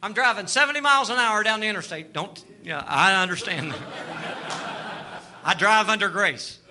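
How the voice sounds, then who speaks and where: A man preaching a sermon testimony, telling a story, acting out the dialogue and rising to fervent shouts. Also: sits high, animated, normal speed. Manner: storytelling, acts out dialogue, rises to shouting fervor.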